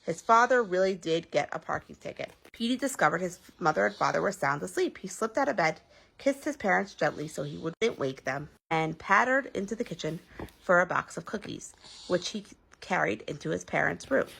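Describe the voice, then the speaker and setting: A woman reading a bedtime story aloud with expressive, sing-song delivery. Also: on the low side, fairly quick, vocal fry, husky, poor audio.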